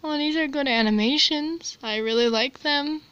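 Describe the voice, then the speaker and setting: A woman's voice: high-pitched, moderate pace, fairly bright tone, no room sound, lo-fi sound. A woman hosting a casual reaction video, chatting playfully with rambling asides.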